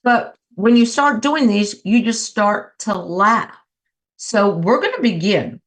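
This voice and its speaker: A woman's voice: mid-range voice, expressive, slow. A woman hosting a laughter yoga session, cheerfully coaxing listeners and breaking into bursts of laughter.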